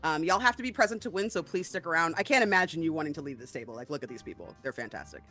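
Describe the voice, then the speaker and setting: An excitable woman hosts a charity tabletop stream, chatty and full of ums. Her pitch sits in a middle range. Faint music plays under her voice. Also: rapid-fire. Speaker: stream host.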